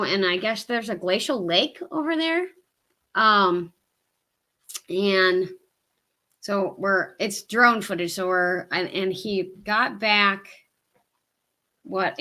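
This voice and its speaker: A woman with a Southern US accent and a bright, forceful, medium-pitched voice co-hosts a hiking livestream. Her talk is casual live-stream chat, rambling and full of ums.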